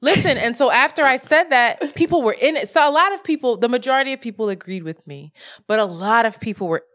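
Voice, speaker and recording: A woman co-hosting a podcast, talking casually in a profane, animated rant about money and frustration. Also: fairly high pitch, fast. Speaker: podcast co-host. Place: lives in Brooklyn.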